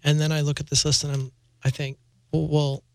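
A man's voice: a little high, completely flat delivery, fast talker, no room sound. A man co-hosting an interview podcast, thinking aloud reflectively. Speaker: podcast co-host.

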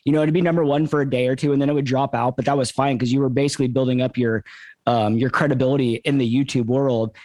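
Fast-talking man with many fillers. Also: medium pitch, fairly even intonation, a little mellow, no room sound. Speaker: podcast co-host. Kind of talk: casual podcast talk.

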